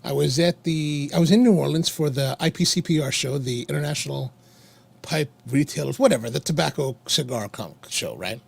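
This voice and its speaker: Gravelly guy with a husky voice, kinda high, chatting casually while he smokes, keeps restarting his sentences. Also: fairly quick. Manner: rambling storytelling with frequent restarts. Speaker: podcast co-host. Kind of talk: casual chat while smoking a cigar.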